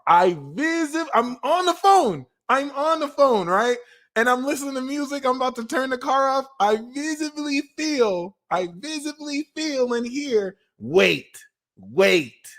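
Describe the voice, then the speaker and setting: A young man doing a live tarot reading, telling stories in a casual, slangy way and now and then bursting into loud acted-out lines. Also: extremely high pitch. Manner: animated, slangy, swings into loud acted-out exclamations. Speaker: tarot reader.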